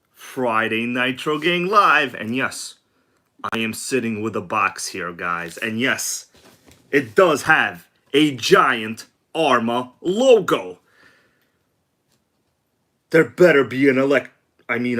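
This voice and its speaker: A man hosting an RC livestream, energetic and joking as he gives shout-outs to viewers. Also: mid-range voice. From from abroad. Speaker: RC livestream host. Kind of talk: excited casual livestream chat.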